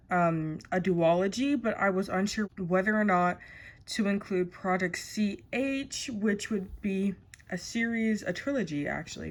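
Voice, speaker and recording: A young woman author chatting casually to camera, thinking aloud as she talks. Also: mid-range voice. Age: young adult. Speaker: author vlogger.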